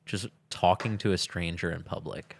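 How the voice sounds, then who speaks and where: A man's voice: sits low, steady tone, normal speed, vocal fry. A man co-hosting a podcast, talking in a laid-back casual way and laughing often. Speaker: podcast co-host. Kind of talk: casual chat.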